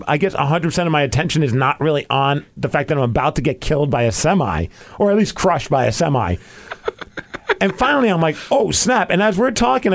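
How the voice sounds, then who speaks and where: A young man hosting a podcast, telling a story in casual chat and acting out the quotes with laughs. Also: fairly high pitch. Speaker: podcast host.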